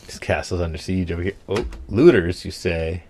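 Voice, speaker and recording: A man's voice: sits low, moderate pace, darkish tone, slight background noise. A young man from Canada giving casual let's-play commentary, thinking aloud and muttering half to himself as he plays. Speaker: gameplay streamer.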